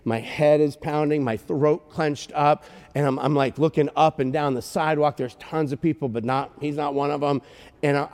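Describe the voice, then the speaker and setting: A male pastor preaching a sermon, telling stories with emotion and breaking into shouts at times. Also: on the high side. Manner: storytelling, emotional, with shouted bursts. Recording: long hall reverb.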